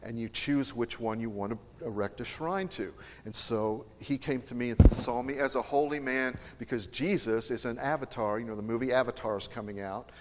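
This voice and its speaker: Middle-aged preacher in a reverberant hall. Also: male voice, mid-range voice, normal speed, few pauses, a little hiss or hum. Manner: emphatic, earnest storytelling with frequent restarts. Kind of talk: storytelling sermon. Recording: long reverb of a large hall.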